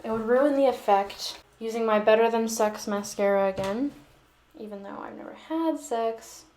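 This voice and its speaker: A beauty vlogger chats her way through a makeup tutorial, rambling, poking fun at herself and tossing in joking asides. Her slightly high, somewhat mellow voice moves at a moderate pace, recorded in an echoey room with a little hiss or hum.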